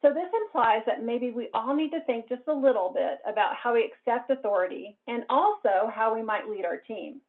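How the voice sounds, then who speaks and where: A woman presenting a cybersecurity talk in a clear, explanatory way. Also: a little high, lively intonation, moderate pace, few pauses. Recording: narrow phone-like band.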